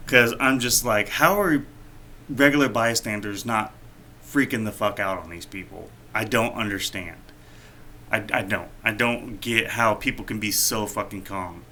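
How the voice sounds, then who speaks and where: A man's voice: lowish voice, measured pace, bright, forceful tone, slight background noise. A man co-hosting a podcast, casually telling a rambling, profane story. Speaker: podcast co-host.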